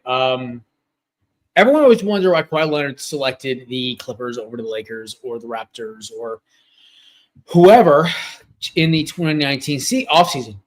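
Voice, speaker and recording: A man co-hosting a sports podcast over a video call, rambling and chatty with many fillers. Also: fairly high pitch. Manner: rambling, lots of fillers and restarts. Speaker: podcast co-host. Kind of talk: casual sports chat. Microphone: home setup on a video call.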